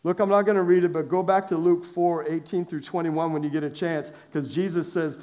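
Man, pastor, lively sermon, slightly high voice, conversational asides, emphatic calls to the congregation, stage mic in a large church. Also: a little fast, hardly any pauses. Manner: asks the congregation direct questions. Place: large church sanctuary with a downstairs.

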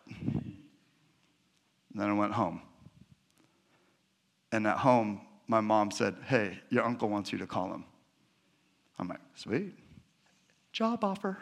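A middle-aged man giving a sermon, telling personal stories and acting out the dialogue in them. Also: mid-range voice. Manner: animated storyteller acting out dialogue. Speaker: pastor.

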